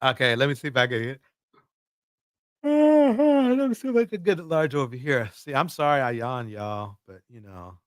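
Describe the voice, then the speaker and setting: A man's voice: mid-range voice, big pitch swings, normal speed, dry recording. Joking man hosting a live stream, dry sound. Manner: joking, mocking, laughs often. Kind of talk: casual commentary.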